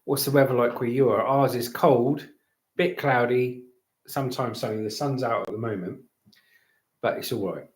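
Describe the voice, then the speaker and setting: A middle-aged man hosts a casual livestream from home, his medium-pitched voice at a moderate pace with a roomy sound. He's cheeky and full of banter, reading out messages from chat.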